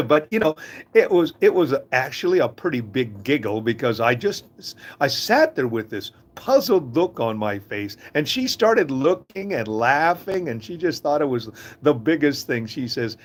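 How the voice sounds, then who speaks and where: Lively older man telling folksy stories. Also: mid-range voice, unhurried. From Canada. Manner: chuckling, folksy, lively storyteller. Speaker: host of a short inspirational talk. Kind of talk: casual storytelling monologue.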